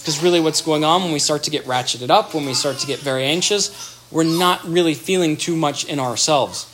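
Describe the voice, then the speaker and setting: Earnest, animated man explaining relationships. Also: fairly high pitch, brisk, a little hiss or hum. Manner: earnest, animated, acts out example dialogue. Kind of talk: explanatory talk on attachment.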